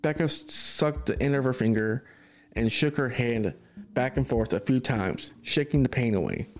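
A man's voice: medium pitch, normal speed, soft background music. A man narrating a spooky story for a podcast, reading steadily with small stumbles.

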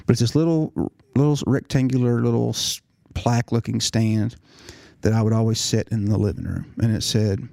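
A man's voice: medium pitch, fairly even intonation, normal speed, creaky, mellow, no echo, studio quality. A middle-aged man giving an earnest personal testimony, often restarting his words. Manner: earnest storytelling with repeated restarts. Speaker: nurse practitioner telling his story.

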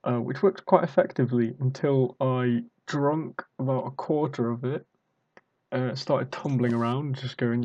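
A man's voice: medium pitch, measured pace, darkish tone, highs cut off. A young British man casually telling a rambling, self-mocking party story. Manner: rambling, self-mocking, acts out drunk quotes.

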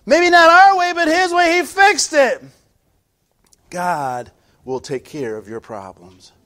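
High-pitched, animated preaching pastor man. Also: slow. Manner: animated preaching, swings from soft asides to shouted peaks, frequent stammered restarts. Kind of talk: sermon.

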